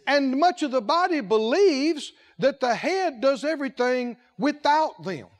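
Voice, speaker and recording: High-voiced, animated male preacher. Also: a little slow. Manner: emphatic, repetitive, asks the congregation questions, acts out quotes. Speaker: pastor, head of a ministry. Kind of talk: sermon.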